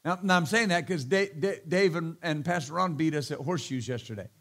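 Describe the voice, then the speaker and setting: Male pastor, middle-aged, high-pitched and emphatic, preaching with playful asides. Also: brisk, fairly bright tone. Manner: emphatic, repeats hallelujah and amen, joking asides. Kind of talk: sermon.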